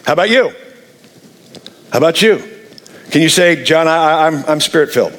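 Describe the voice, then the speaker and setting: A man preaching a sermon, animated and jokey, acting out the people he quotes. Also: on the high side, normal speed, long pauses. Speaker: pastor.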